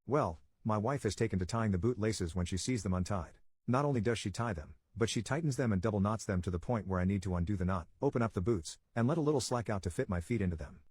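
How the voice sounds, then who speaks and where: A man narrating a reddit story in a quick, steady storytelling delivery. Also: lowish voice, breathy edge, dry recording.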